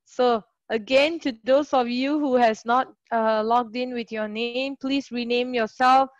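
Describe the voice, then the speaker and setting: Woman teaching english on a video call, high voice, slow and dry, cheery with the students. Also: steady tone, no echo, highs cut off. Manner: encouraging, chatty, greets students by name. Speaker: online English tutor. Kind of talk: live online grammar class.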